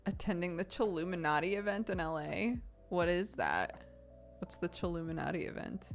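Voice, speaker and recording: Chatty woman streamer, low voice. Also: moderate pace, soft background music. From United States. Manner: chatty, laughs often, animated when retelling. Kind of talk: casual livestream chat.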